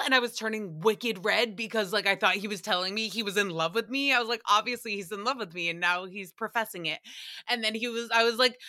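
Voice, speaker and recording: A young adult woman, hosting a casual podcast recap and telling animated, profane stories with playful mock voices. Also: medium pitch, fast. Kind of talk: casual solo podcast chat.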